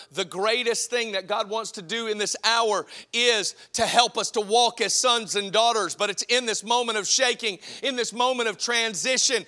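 A man preaching a sermon, impassioned, swinging from shouts to hushed, drawn-out phrases. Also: extremely high pitch. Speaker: pastor.

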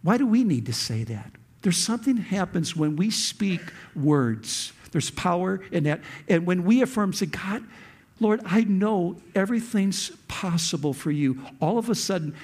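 A man's voice: a little high, a little mellow. A male pastor preaching a sermon, often repeating words and building to passionate peaks. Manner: preaching with rising intensity, frequent repeated words.

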